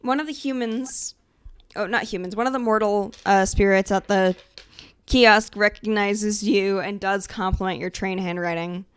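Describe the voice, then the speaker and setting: A woman's voice: medium pitch, fairly even intonation, normal speed, smooth, no room sound. A woman narrating as game master of a tabletop game, speaking hesitantly with many fillers. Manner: hesitant, lots of fillers and restarts.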